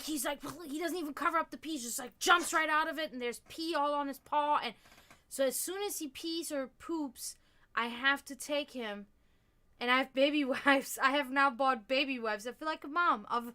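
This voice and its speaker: A woman with a somewhat high, bright, tense voice hosting a casual livestream. She talks straight to her viewers in loose, rambling stretches full of fillers and restarts. Now and then she drops a casual swear word. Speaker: livestream host. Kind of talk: casual chat with stream viewers.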